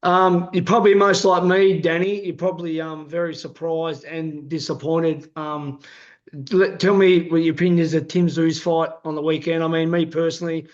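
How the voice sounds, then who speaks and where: An Australian man hosting a casual interview, chatty and quick to chime in with yeah and wow. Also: fairly high pitch, little pitch movement. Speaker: interview host, former boxer. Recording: lo-fi muffled sound.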